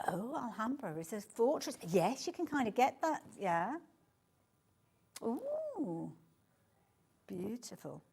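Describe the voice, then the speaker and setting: Her voice is medium-pitched and creaky, with a darkish tone and a breathy edge. She's a TV studio presenter on a live fabric sales show, gushing over each design in a chatty way and constantly calling things beautiful.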